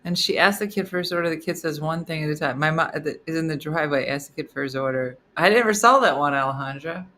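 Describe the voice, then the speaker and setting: A woman comedian chatting casually to viewers, retelling funny videos with lively put-on voices. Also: fast, few pauses. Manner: animated, acts out funny videos in high squeaky voices. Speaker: comedian hosting a live morning stream. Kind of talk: casual chat reading comments.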